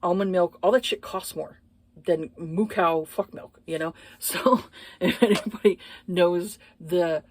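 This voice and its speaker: A woman's voice: fairly low pitch, unhurried, slight background noise. A woman giving a casual book review, blunt and profane, exasperated, with lots of hesitant fillers.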